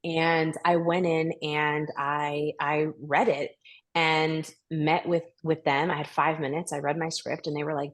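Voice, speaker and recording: A woman talks openly as a podcast guest, telling her story with animated energy. She slips into acted-out lines of dialogue as she retells events. Her voice sits a little low. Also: unhurried. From United States. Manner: candid, animated storyteller who acts out quoted dialogue. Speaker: guest voice actor. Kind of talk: casual chat.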